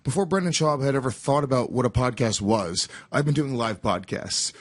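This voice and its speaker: A man's voice: mid-range voice, normal speed. Brash American man, swearing freely. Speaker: podcast co-host. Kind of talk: casual podcast banter.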